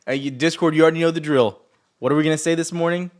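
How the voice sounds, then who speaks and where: A man's voice: on the high side, quick pace. A man hosting a casual live market chat from home, rambling and joking in a boastful, teasing way. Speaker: livestream host.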